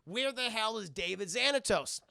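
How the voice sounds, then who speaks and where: A man voicing an angry, hulking male gargoyle leader who shouts his demands. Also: sits high, expressive, normal speed, gravelly, smooth, no room sound, clean studio sound, pitched above the performer's own voice, exaggerated voice. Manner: loud, demanding.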